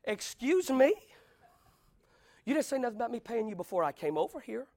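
A man preaching a sermon, telling stories with sudden shouts. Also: very high-pitched, big pitch swings, a little fast, dry recording. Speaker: pastor.

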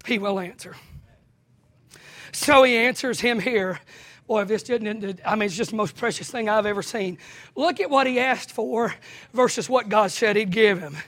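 A man preaching a sermon in a church, impassioned, swinging from shouts to hushed asides, his voice straining close to giving out. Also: sits high, moderate pace.

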